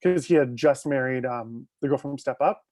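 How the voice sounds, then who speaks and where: A man's voice: mid-range voice, a little mellow. A man chatting on a casual live stream, telling gossipy stories and laughing often. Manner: gossipy, quick storytelling with bursts of laughter. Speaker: guest.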